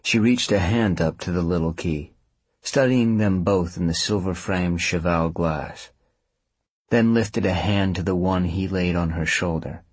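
A man narrating a story in a calm, measured audiobook reading. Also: deep voice, slightly rough, dry recording. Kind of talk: scripted narration.

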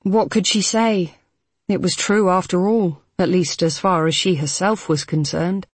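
A reader narrating a novel in a measured, even storytelling delivery. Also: mid-range voice, husky, dry recording. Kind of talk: scripted audiobook narration.

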